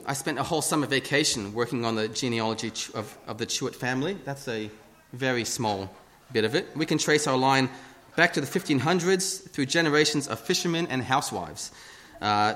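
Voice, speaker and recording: A man's voice: mid-range voice, brisk, a bit bright. A man giving a casual, self-deprecating sermon into a lectern microphone in a church. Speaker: lay preacher. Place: church hall.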